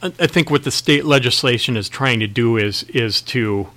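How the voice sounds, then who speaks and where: A middle-aged man, a county sheriff, answering questions in a radio interview, talking haltingly with many restarts and fillers. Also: medium pitch, fairly bright tone.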